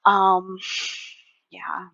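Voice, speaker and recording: Female commentator, lower register, rambling and exasperated, dull dry recording. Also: flat delivery, extremely slow, gravelly, no echo. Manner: rambling, exasperated, heavy use of "like". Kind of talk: casual reaction commentary.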